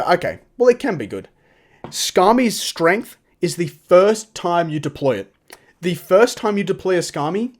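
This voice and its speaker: Opinionated young man with a higher voice. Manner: opinionated, exasperated rants with frequent restarts. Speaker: gaming YouTuber. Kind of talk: casual tier-list commentary.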